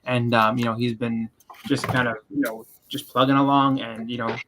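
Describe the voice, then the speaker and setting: A man talks loosely on a comics stream, piling up fillers and restarts as he goes. His voice is bright and forward. A faint hiss sits behind him. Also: medium pitch, flat delivery, normal speed, rough recording. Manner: rambling, with many fillers and restarts. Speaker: co-host. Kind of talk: casual chat on a comics stream.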